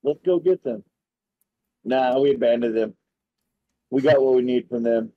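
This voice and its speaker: A man's voice: medium pitch, fairly even intonation, moderate pace, no echo. A man co-hosting a casual gaming session, reading a text adventure aloud with crude jokes and laughter. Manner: laughs mid-sentence, crude and joking. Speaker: co-host playing a text adventure. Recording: dull lo-fi dry mic.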